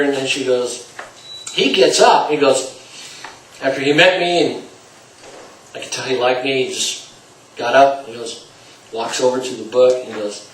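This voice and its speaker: A man's voice: mid-range voice, a bit bright, slight background noise. Man lecturing salespeople in a roomy space. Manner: acts out dialogue with shifting volume. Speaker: sales trainer. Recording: roomy, distant mic, faint ambience.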